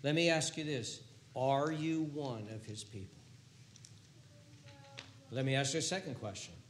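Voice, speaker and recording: An older man preaching a sermon in a church, impassioned and repetitive, swinging between hushed tones and booming emphasis. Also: measured pace, roomy sound, a little hiss or hum. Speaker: pastor. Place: church sanctuary.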